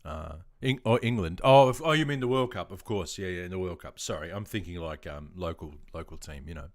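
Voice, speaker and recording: An Australian man streaming live, chatting casually in a relaxed, rambling way with frequent ums and chuckles. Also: low-pitched, a little fast, no room sound, studio quality.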